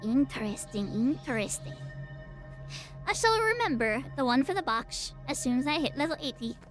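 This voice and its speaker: A woman's voice: high-pitched, animated, normal speed, faint music behind. A woman streamer giving chatty, playful, self-mocking commentary while playing a game. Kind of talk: casual gameplay commentary.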